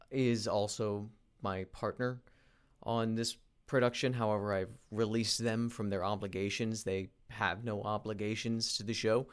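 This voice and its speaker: A man recording a casual work vlog, thinking aloud as he animates, rambling with frequent restarts and fillers. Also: fairly low pitch. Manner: thinking aloud while working. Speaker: independent animation creator.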